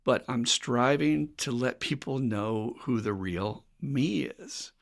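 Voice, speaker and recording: A man from the United States who hosts a recovery podcast and talks like a straight-shooting sponsor. His voice is mid-pitched with a gravelly roughness. He is blunt and candid, and he laughs easily. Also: slow. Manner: frank, blunt, swears, laughs often.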